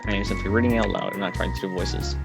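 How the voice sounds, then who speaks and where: A man's voice: low-pitched, fairly even intonation, quick pace, vocal fry. A man giving casual, self-deprecating commentary while playing a video game. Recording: game music underneath.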